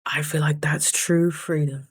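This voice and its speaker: A woman's voice: low-pitched, steady tone, measured pace, slightly rough, dry recording. A woman talking through a casual diary vlog, earnest and reflective, sometimes close to tears. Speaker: vlogger.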